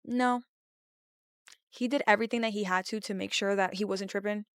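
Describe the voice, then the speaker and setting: Smooth-voiced woman telling a spooky story. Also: mid-range voice, normal speed, dry recording, studio quality. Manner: animated, acts out quotes, swears casually. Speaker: podcast host. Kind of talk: casual storytelling.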